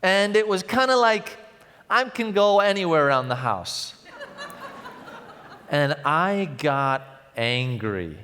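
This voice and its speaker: Male pastor, slightly higher voice, church reverb, dramatic storytelling sermon. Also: expressive, slow pace, long pauses, slight background noise. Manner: storytelling, swings from loud to hushed. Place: large church. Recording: long church hall reverb.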